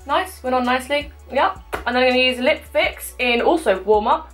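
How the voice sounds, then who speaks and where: A young woman in her twenties with a fairly high-pitched voice, chatting casually as she does her makeup at home. She is self-mocking and talkative, narrating each product as she puts it on, with faint music behind her. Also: a little fast. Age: 20s. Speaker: beauty vlogger. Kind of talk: casual makeup tutorial chat.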